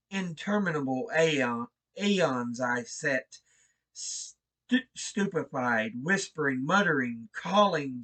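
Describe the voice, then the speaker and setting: A man reading a horror story aloud in a slow, brooding, theatrical style. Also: fairly high pitch, sharp tone. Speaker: reader. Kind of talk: dramatic horror story narration.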